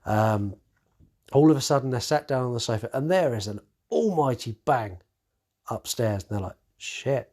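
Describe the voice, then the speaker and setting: A man's voice: medium pitch, lively intonation, normal speed, warm tone. Man, podcast host, casual movie recap, swears a lot, lots of fillers and restarts. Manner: swears freely, acts out characters' lines.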